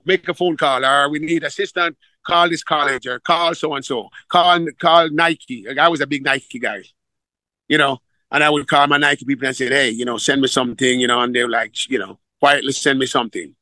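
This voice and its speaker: A middle-aged Jamaican man with a fairly high, forceful voice, recorded close and dry. He is a football coach who tells his stories with energy and slips into the voices of the people he quotes. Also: moderate pace, dry recording, low-quality recording. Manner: animated storyteller, acts out quoted dialogue. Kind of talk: casual interview storytelling.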